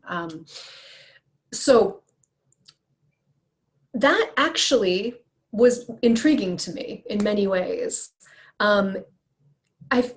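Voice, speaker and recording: A woman in her forties speaks to an audience about her writing in a casual, chatty way. She fills her pauses with frequent ums. Her voice sits at a middling pitch for a woman. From United States. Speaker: author giving a talk.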